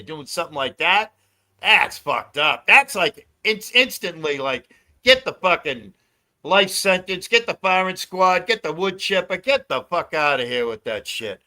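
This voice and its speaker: A man's voice: a little high, pushed and bright. A man hosting a casual livestream, ranting with lots of swearing and frequent laughter. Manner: profane ranting, laughs often. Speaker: livestream host.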